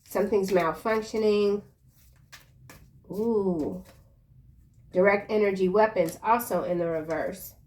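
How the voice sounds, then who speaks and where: A woman giving a casual tarot reading in a chatty, slangy way, breaking into excited exclamations. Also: medium pitch, normal speed, hardly any pauses. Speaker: tarot reader.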